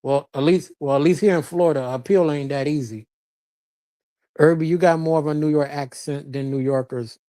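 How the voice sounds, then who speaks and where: A casual streamer based in Florida who talks loose and unfiltered, laughing a lot between thoughts. The voice sits in a middle pitch with a dark, mellow tone. The talk rambles and doubles back as they read and answer chat. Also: normal speed. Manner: loose, chatty, laughs often, blunt and profane. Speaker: live-stream host. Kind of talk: casual live-stream commentary, reading chat. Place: lives in Florida.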